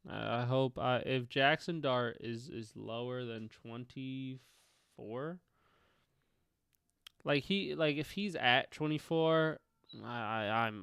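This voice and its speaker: A man's voice: mid-range voice, animated, slow pace, vocal fry, a bit bright, clean tone, no echo, studio quality. A young man hosting a casual sports livestream, talking loosely, laughing, swearing and trailing off. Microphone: headphones on, close mic.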